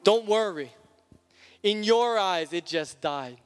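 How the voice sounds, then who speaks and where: A man voicing a calm, reassuring Jesus who talks in a casual, soothing way. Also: sits high, takes it slowly, smooth, pitched below the performer's own voice. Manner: soothing, colloquial. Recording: long church reverb with music.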